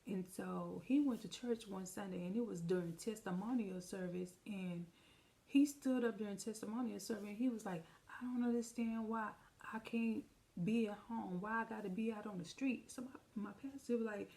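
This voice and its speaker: Her voice is mid-range and dark, with vocal fry and a moderate pace. She's a vlogger sharing a personal tale in a relaxed storytime video, addressing viewers head-on and vividly voicing the lines of the people in it.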